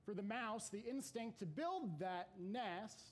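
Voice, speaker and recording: A man who teaches Bible classes giving an unhurried, reflective devotional talk to a gathering, with hesitant fillers. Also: sits high, lively intonation.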